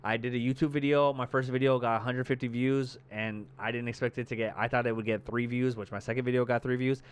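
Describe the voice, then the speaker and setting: A man's voice: mid-range voice, quick pace, clear, resonant tone. A young man co-hosting a podcast, chatting casually and acting out scenes with lots of swearing. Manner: animated storyteller, swears casually, acts out scenes. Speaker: podcast co-host. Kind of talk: casual chat.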